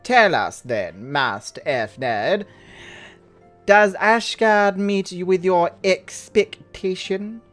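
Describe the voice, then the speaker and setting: A man voicing a stately male noble count in a slow, solemn, put-on British accent while reading game dialogue aloud. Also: sits high, lively intonation, fairly bright tone, faint music behind, voice pushed up, full character voice. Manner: slow, measured, solemn delivery.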